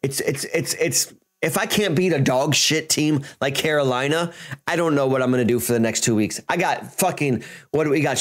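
Profane ranting gamer man. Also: a little high. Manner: exasperated, swearing, ranting; swings between shouting and muttering. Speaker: gaming channel host. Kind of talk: profane gameplay commentary.

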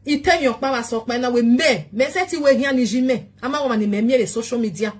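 A woman's voice: fairly high pitch, fast, slightly rough. A woman with a Nigerian accent pleading at length in a casual talk show monologue, repeating short questions.

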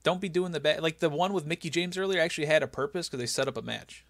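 A man's voice: on the high side, quick pace, no room sound. A young man co-hosting a podcast, chatting casually and animatedly as he recaps a show. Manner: animated, laughing, putting on mock voices for quotes. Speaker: podcast co-host.

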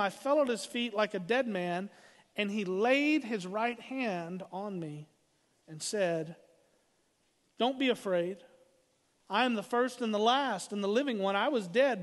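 A man preaching a sermon as pastor, emphatic and slowing down to read scripture. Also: high-pitched, big-room sound.

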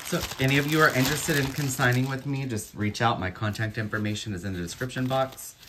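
A man's voice: mid-range voice, fairly even intonation, quick pace, noisy background. A man who resells jewelry, giving unboxing commentary and musing aloud with admiring remarks.

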